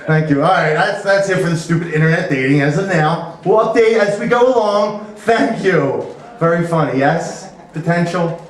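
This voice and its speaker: A high-pitched male comedian works through a rambling stand-up set, full of "you know" asides. He sounds distant and bounces around a very echoey club. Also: normal speed.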